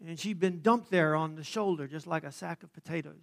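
A man preaching a sermon, praying and then telling a story dramatically, swelling loud and dropping to a hush. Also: a little high, brisk, vocal fry. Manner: dramatic, swelling and hushing by turns. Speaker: pastor.

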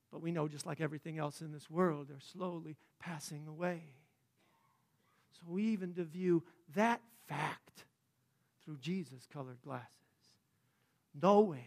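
A man preaching a sermon in a conversational way, dropping to a hush and then rising to fervent emphasis. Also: fairly high pitch, vocal fry. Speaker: pastor.

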